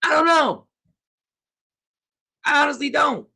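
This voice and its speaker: A man hosting a casual livestream, commenting on the news and reading viewers' comments aloud, animated and repetitive. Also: very high voice, slow pace. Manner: animated, talks back to chat, repeats himself. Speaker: host.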